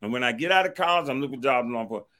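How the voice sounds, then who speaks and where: A middle-aged man from Washington, D.C., telling a personal story, animated and acting out what others said. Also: medium pitch, very fast. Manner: animated, acts out others' quoted words, repeats a stock phrase to move on. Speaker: storyteller recounting his past.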